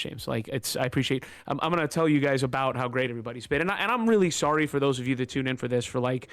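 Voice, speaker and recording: Smooth-voiced man telling a personal story. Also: medium pitch, dry recording. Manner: candid, emotional, rambling with fillers. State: emotional, close to tears. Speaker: podcast host.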